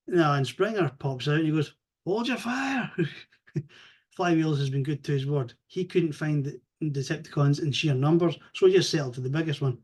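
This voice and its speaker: Man, slightly high voice, rambling casual recap, swears a lot. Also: brisk, few pauses. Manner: rambling, animated, swears freely, acts out quotes. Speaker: comics reviewer.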